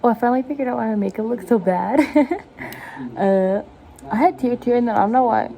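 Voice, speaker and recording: Mellow-voiced young woman chatting while cooking. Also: fairly high pitch, brisk, gravelly. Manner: rambling, jokey, self-mocking. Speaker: vlogger. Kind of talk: casual chat while cooking.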